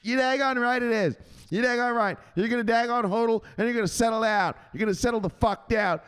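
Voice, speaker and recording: A man putting on a high, bossy enforcer voice. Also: a little fast, fairly bright tone, clear, resonant tone. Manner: domineering, barking orders. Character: bossy male crypto enforcer scolding sellers.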